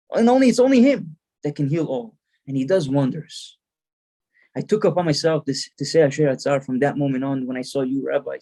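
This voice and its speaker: A man's voice: on the high side, mellow. A man voicing a grateful father who tells a rabbi his son was healed, speaking earnestly and with emphasis.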